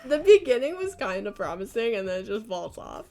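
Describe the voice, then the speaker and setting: A woman's voice: fairly high pitch, sing-song, fairly quick, warm tone, soft background music. A young woman streaming a game, chatting casually with her chat and laughing often. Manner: chatty, giggly, talking to chat.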